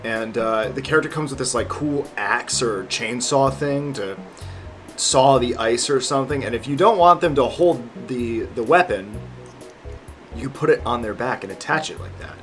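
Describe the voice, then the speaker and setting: A man's voice: medium pitch, normal speed, a bit bright, faint music behind. A young man in his twenties chatting casually as a vlogger, rambling and joking with lots of fillers and swearing. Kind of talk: casual chat.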